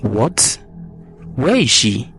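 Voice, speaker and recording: A man's voice: medium pitch, big pitch swings, drawn-out words, over music. A man voicing a stern husband who demands answers in a folktale. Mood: demanding. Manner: demanding, questioning.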